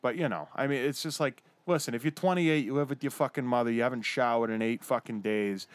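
A man riffing in casual podcast banter, his speech loose and full of fillers, curses and restarts. His voice sits at an ordinary pitch, recorded close and dry with no room around it. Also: quick pace, smooth, dry recording. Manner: rambling, profane, lots of fillers and restarts.

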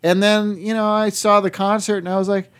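A man's voice: sits high, flat delivery, fairly quick, smooth. A man co-hosting a podcast in casual chat, rambling and swearing, with many restarts. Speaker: podcast co-host. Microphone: headphones.

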